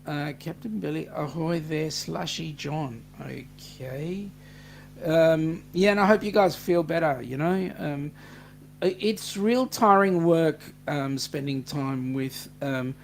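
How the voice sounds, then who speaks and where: A man's voice: a little high, slight background noise. A man with an Australian accent hosting a casual livestream, reading out viewer comments and chatting with many fillers. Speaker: livestream host.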